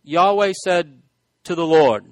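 A man with a fairly high voice, preaching in a loose, chatty way and breaking off into asides. The sound is dry and close, with no room around it. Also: expressive, slow pace, no room sound. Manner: conversational, self-deprecating asides, frequent restarts. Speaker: pastor. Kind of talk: sermon.

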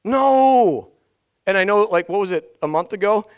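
A man preaching a sermon as pastor, animated, swinging from soft asides to loud outbursts and getting out of breath. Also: sits high, unhurried, clean tone. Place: church sanctuary.

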